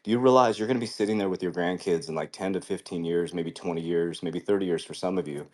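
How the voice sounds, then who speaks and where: A man's voice: low voice, fast, darkish tone. A man hosting a crypto show, talking in a fervent, preachy motivational way and swearing casually. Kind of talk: motivational live-stream talk.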